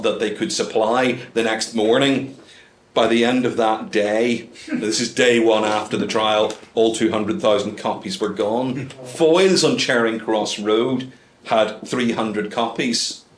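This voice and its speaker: A man's voice: fairly low pitch, fairly even intonation, unhurried, reverberant, slight background noise. Wry man giving a talk. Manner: wry, dry asides with many ums and uhs. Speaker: guest speaker. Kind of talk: humorous club talk. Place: club meeting room.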